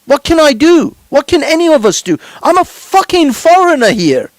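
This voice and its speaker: A man's voice: very high-pitched, sing-song, moderate pace, dry recording. A male podcast host giving fervent, preachy commentary, swearing and repeating words for emphasis.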